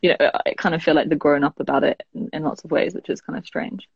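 A woman's voice: sits low, fairly even intonation, fast, creaky, husky, no echo, dull audio. A woman, chatting as an interview guest. She fills her talk with "like" and laughs often. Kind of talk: casual interview chat.

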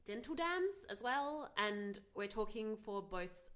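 A woman's voice: medium pitch, animated, takes it slowly, fairly bright tone. A woman, co-hosting a casual, frank chat and giving practical advice with wry humor. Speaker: podcast co-host.

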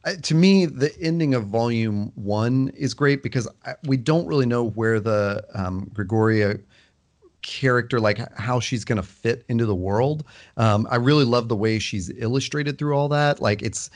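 A man's voice: medium pitch, normal speed. A man co-hosting a casual chat, enthusiastic but hesitant, with many restarts. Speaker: podcast co-host. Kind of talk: casual chat about a book series.

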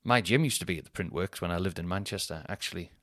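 A man's voice: deep voice, quick pace, no echo, clean studio sound. A man, rambling and swearing through a casual solo podcast chat. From North East England. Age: 30s. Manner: rambling and sweary, thinks out loud. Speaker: podcast host.

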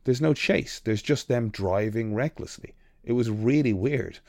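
A man co-hosting a podcast in casual chat, animated and sweary as he rants. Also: medium pitch, measured pace, no echo, clean studio sound. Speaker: podcast co-host.

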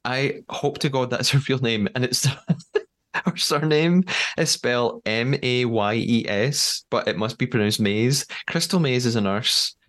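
A man's voice: mid-range voice, unhurried, a bit bright. A man hosting a podcast in casual chat, chatty with frequent fillers and easy laughter. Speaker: podcast host.

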